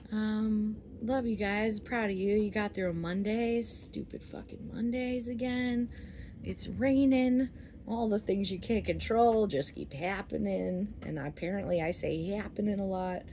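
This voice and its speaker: A woman in her forties talking to her viewers in a candid, rambling monologue, cursing freely and swinging between loud outbursts and soft asides. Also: mid-range voice, vocal fry, slight background noise. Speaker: vlogger. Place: outdoors under a flight path.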